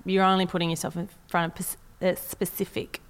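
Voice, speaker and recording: A woman's voice: on the low side, flat delivery, brisk, smooth. A woman with an Australian accent, a country singer chatting casually and easily in an interview. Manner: easygoing, chatty, laughs easily.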